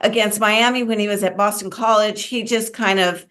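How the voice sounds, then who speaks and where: A woman's voice: medium pitch, steady tone, normal speed, fairly bright tone. A woman co-hosting a casual interview, asking long, winding questions. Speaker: co-host.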